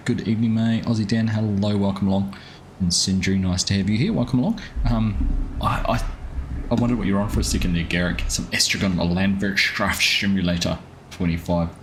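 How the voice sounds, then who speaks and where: A man's voice: lowish voice, brisk, slight background noise. A man hosting a live gaming stream, chatting casually and greeting viewers by name as he plays.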